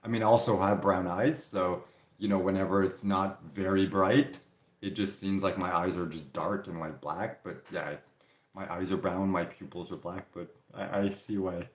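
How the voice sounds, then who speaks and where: Low-voiced man chatting in a roomy space. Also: moderate pace. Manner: relaxed and candid, with frequent restarts and "like". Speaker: live stream host answering viewer comments. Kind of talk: casual live Q&A chat. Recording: roomy echo.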